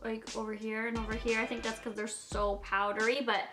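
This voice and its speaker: A woman's voice: fairly high pitch, level tone, brisk, over music. A young woman filming a casual makeup tutorial, bubbly and gushing, often giggling. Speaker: beauty vlogger.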